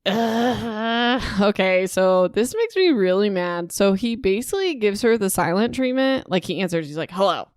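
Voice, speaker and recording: Young woman podcaster recapping a book, super chatty and indignant, smooth clear voice, dry close sound. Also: medium pitch, unhurried, few pauses, dry recording. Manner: animated, indignant, chatty with many "like"s. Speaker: podcast host.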